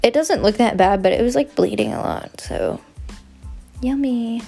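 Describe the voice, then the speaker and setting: A young woman with a fairly high voice who rambles on in loose casual chat as a podcast host. She is goofy and self-mocking, and a faint bed of music sits underneath her. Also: unhurried, creaky, dark tone, slightly rough.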